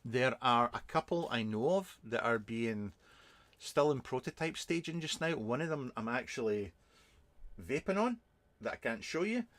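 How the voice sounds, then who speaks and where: A man's voice: mid-range voice, lively intonation, normal speed, a bit bright, dry recording. A man, a reviewer hosting a casual live stream, answering viewers in a rambling, chatty way with many ums and restarts.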